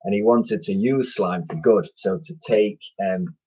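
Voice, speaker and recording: A man's voice: low-pitched, measured pace, dark tone, breathy edge. A man with an English accent, a primary school teacher, reading a children's story aloud in a chatty way with fillers and self-corrections, recorded at home on a computer mic. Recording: dull lo-fi sound.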